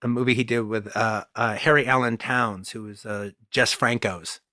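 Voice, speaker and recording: A man's voice: medium pitch, steady tone, normal speed, bright, forceful tone, no room sound, clean studio sound. A man co-hosting a podcast, talking about old movies in a rambling, enthusiastic way with lots of restarts. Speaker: podcast co-host. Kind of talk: casual film discussion.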